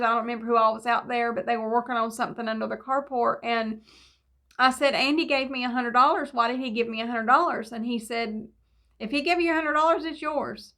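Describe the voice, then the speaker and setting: Bright-voiced woman sharing testimony. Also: a little high. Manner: rambling storytelling with fillers and restarts. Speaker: devotional speaker. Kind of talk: personal testimony devotional.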